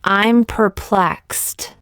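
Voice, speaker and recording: A woman reading short example sentences one by one for English learners, in a slow, deliberate, evenly paced way. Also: mid-range voice, smooth, dry recording, clean studio sound. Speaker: English teacher.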